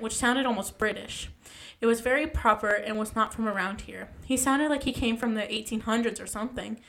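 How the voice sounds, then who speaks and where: A woman's voice: a little high, fairly bright tone. Casual young woman reading aloud. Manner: casual, stumbles and self-corrects while reading. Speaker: podcast host reading a ghost story. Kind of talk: reading a story aloud with asides.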